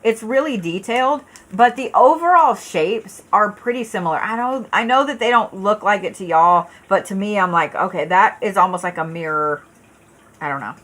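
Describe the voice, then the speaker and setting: A woman's voice: mid-range voice, expressive, moderate pace, fairly bright tone. A woman giving a live tarot reading, talking in a blunt, casual way with plenty of swearing and filler words. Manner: casual, blunt and profane, chatty with viewers; frequent fillers and restarts. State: yawning, tired. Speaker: tarot reader.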